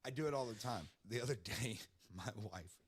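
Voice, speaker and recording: A man's voice: mid-range voice, expressive, a little fast, slight background noise. A man chatting as a guest on a talk show, brash and swearing freely. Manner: brash, profane banter. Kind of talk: casual chat.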